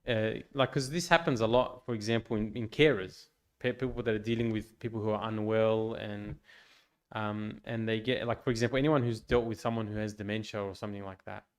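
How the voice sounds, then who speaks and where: A man, a priest, giving an informal pastoral talk to a youth group in a gentle, reflective way, with frequent restarts and fillers. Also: on the low side, clear, resonant tone. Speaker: priest leading a youth meeting. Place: church hall.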